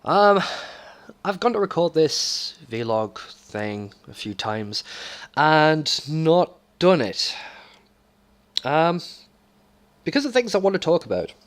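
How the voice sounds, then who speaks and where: A man hosting his gaming channel, talking candidly in a casual vlog with many ums and pauses, a slight echo on his voice. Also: big pitch swings. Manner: candid, low-key. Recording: slight echo from recording software.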